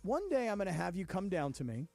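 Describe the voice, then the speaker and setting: High-voiced male radio host. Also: gravelly, faint music behind. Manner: storytelling, relaxed and unhurried. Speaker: radio sports talk host. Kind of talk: casual studio banter. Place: radio studio. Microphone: studio microphone.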